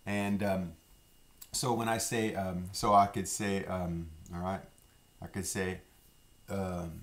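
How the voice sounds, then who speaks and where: Low-voiced Louisiana man teaching French. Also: little pitch movement, slow, pauses often. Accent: Louisiana French speaker. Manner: patient, repeats words for learners to echo. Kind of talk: casual spoken lesson.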